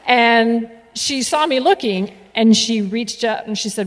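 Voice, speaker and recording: Woman, storyteller, live stage telling, playful, animated, slightly high voice, long hall reverb. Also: normal speed, hardly any pauses. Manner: animated and playful, with laughs and asides.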